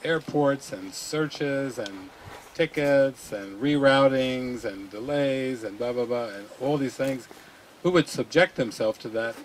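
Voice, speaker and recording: A man giving an unscripted spiritual talk, relaxed and musing, often laughing softly. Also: mid-range voice, a little hiss or hum, low-quality recording. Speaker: spiritual teacher.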